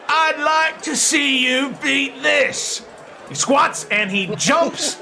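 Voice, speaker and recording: A man running a tabletop game as game master, narrating with lots of laughter and animated energy. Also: high-pitched. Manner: animated, laughing often, shouting character voices.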